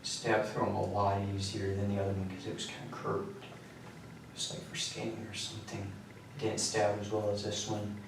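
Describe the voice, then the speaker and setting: Male suspect, low flat confession voice, reverberant room recording with faint noise. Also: moderate pace. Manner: flat, matter-of-fact recounting, voice often trailing low. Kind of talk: police interrogation confession. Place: police interview room. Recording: echoey room, mic far off, faint noise.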